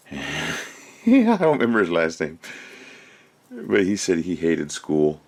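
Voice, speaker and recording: A man's voice: low-pitched, wildly swooping pitch, slow pace, creaky, a little mellow. A man doing casual crafting commentary at home, rambling and thinking aloud as he works. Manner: rambling, chatty, thinks aloud while working. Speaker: resin crafter.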